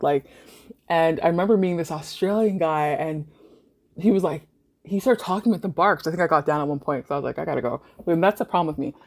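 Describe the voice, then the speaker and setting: A woman's voice: sits low, darkish tone. A young woman from Canada hosting a podcast, telling party stories casually, swearing freely and laughing often. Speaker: podcast host. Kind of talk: casual storytelling monologue.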